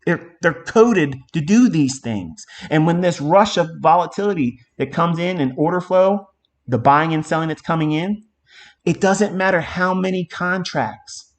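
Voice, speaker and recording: A man's voice: a little high, measured pace. A middle-aged man teaching a live trading lesson in an emphatic, profane way, with a lot of repetition. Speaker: trading mentor.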